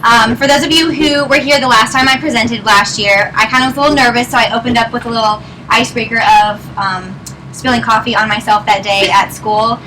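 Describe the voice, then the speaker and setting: A woman's voice: a little high, steady tone, a little fast, bright, forceful tone. A woman in her twenties from Northern Virginia, presenting at a meeting and telling a story in a chatty way, laughing as she goes. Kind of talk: speaking to a live audience. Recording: distant mic, clear noise.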